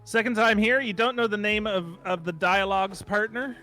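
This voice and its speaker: A man's voice: high voice, moderate pace, soft background music. A man co-hosting a podcast, chatting casually and joking while sharing trivia. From Canada. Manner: chatty, jokey, lively. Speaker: podcast co-host.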